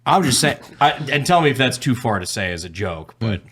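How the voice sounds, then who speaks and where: A man's voice: medium pitch, very animated, fairly quick, a bit bright, slight background noise. A man co-hosting a podcast, chatting casually and throwing in crude jokes. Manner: joking, crude quips. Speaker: podcast co-host. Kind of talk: casual chat.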